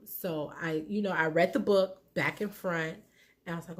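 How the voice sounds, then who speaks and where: Talking openly to viewers about her own marriage, this woman in her thirties offers relationship advice as a vlogger, keeping it frank and chatty and performing quoted lines. She has a lowish voice with fairly even intonation and a normal pace.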